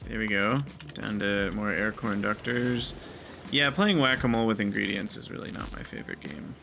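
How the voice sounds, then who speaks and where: A man's voice: on the low side, moderate pace, gravelly, pushed and bright, slight background noise. A man giving casual gameplay commentary, thinking aloud and muttering to himself as he plays. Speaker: gaming video creator.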